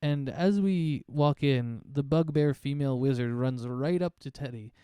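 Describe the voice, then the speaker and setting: A man playing a tabletop game over voice chat, talking in a relaxed, rambling way with many fillers. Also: mid-range voice, measured pace, smooth, no room sound. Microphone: online voice chat mic.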